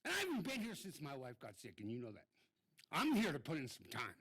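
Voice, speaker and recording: A man's voice: mid-range voice, wildly swooping pitch, fast talker, fairly bright tone, slightly rough, rough recording. An irate man giving a blunt, swearing public comment at a city council meeting.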